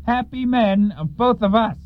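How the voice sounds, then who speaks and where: A man's voice: high voice, lively intonation, measured pace. A man playing a flustered, fussy male studio boss in a comedy audio play, talking in an exasperated, wheedling way. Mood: salesy. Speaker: studio owner. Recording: dull lo-fi recording.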